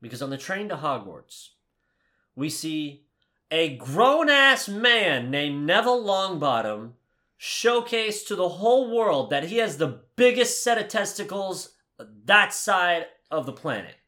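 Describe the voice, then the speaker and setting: Guy on a podcast going off about a film, cussing a lot, bright voice. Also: sits high, big pitch swings, unhurried. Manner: profane, ranting, swings from heated shouting to muttering. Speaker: podcast co-host. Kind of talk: casual movie review chat.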